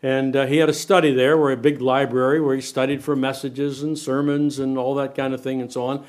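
An older man preaching a sermon to a church congregation, animated, asking the room questions and swinging between loud and quiet. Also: mid-range voice, a little fast. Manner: animated preaching, asks the room questions, varies loudness a lot. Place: church sanctuary.

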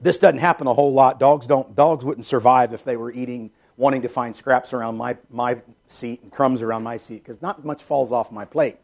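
A man preaching a sermon in an earnest, repetitive way, dropping soft and low when he voices a prayer. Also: steady tone, moderate pace, gravelly, few pauses.

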